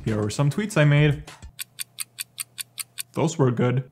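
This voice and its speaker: A young man, vlogging in a dry, deadpan comedic way. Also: medium pitch, measured pace, pauses often, noisy background. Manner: deadpan, dry absurd humor. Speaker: YouTuber. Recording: music playing underneath.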